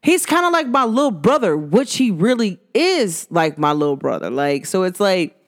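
A young woman with talks through her own podcast in a loose, conversational way. She is animated and chatty, breaks into laughter and slips into other people's voices when she quotes them. Her pitch sits in a middle range for a woman. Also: normal speed. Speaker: podcast host. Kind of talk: casual solo podcast talk.

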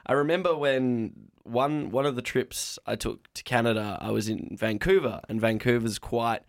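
Aussie guy rambling on a movie podcast, lots of likes and ums, average-pitched voice. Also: fairly even intonation, moderate pace, creaky. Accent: Australian. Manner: rambling, anecdotal, many fillers. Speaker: podcast panelist. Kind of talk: casual film podcast chat.

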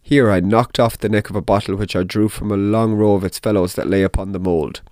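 A man narrating a dark tale in the first person, in a measured, deliberate audiobook reading. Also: fairly low pitch, steady tone, no room sound, clean studio sound.

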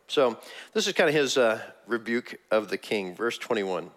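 A man preaching a sermon, retelling scripture and acting out its figures in a raised, excited voice. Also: mid-range voice, normal speed. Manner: animated, acts out biblical figures in a raised voice. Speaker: pastor.

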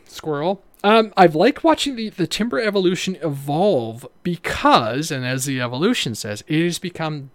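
A man's voice: a little high, animated, normal speed, hardly any pauses, no room sound. A man hosting a casual livestream, rambling, with many fillers and restarts. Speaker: livestream host.

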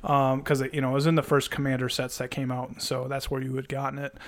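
A man's voice: mid-range voice, completely flat delivery, quick pace, crowd noise. Wry man telling game stories. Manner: storytelling, teasing, wry. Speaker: podcast co-host. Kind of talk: casual chat about a card game.

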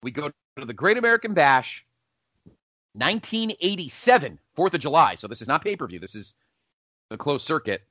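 A man's voice: mid-range voice, dry recording, lo-fi sound. A man hosting a casual podcast countdown, rambling and correcting himself as he goes. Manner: rambling, self-correcting, animated. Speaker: podcast host.

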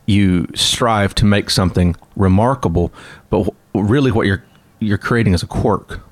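A man's voice: lowish voice, moderate pace, no room sound. A man chatting casually as a podcast co-host, playful and musing, laughing often. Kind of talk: casual chat.

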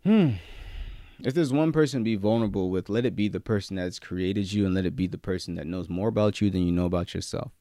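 A man preaches a sermon at a fast clip, moving between loud, emphatic peaks and quiet, low-key stretches while mixing in casual slang. The recording is studio quality with no echo.

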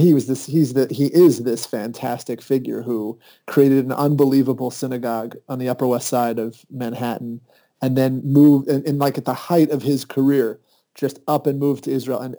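Dark-voiced man telling a lively anecdote. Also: normal speed. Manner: lively anecdotes with high-pitched, excited quoted asides. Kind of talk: conversational storytelling.

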